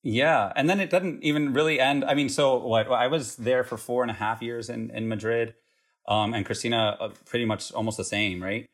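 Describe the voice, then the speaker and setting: A young man from the United States, a guest recounting his years abroad in a relaxed, rambling way with fillers. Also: mid-range voice, moderate pace. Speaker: interview guest. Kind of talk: casual conversational interview.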